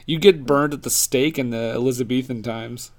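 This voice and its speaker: A man's voice: mid-range voice, moderate pace. A man co-hosting a casual podcast, joking and reading out movie reviews. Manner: jokey, laughs at his own quips. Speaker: podcast co-host.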